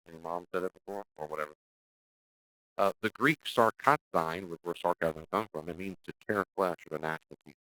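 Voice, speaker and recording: A man with a very low voice, recorded dry and close, teaches a church class as its pastor. He talks directly and casually, often restarting his sentences, and breaks into exaggerated voices when he acts out what people say. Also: fairly quick, no echo, rough recording. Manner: lively, acts out quoted speech in exaggerated voices; direct, conversational, with frequent restarts.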